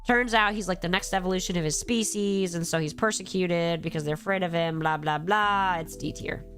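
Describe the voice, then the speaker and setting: A woman's voice: fairly low pitch, fairly quick, fairly bright tone, soft background music. A woman with a cold, tired and rambling casually on a live stream, swearing freely and answering her chat as she goes.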